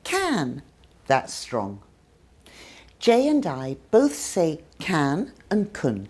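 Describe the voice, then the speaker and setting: Slow, very expressive British woman teacher. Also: sits low, slightly rough. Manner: careful, exaggerated demonstrations of sounds. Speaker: English teacher. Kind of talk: scripted pronunciation lesson.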